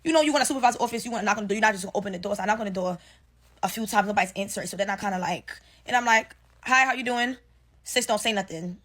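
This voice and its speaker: A woman's voice: mid-range voice, rapid-fire. A young woman telling a casual storytime rant about her job, profane and slangy, acting out what people said. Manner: animated, profane, slangy storytelling with acted-out quotes. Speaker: storyteller ranting about work. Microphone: phone selfie video.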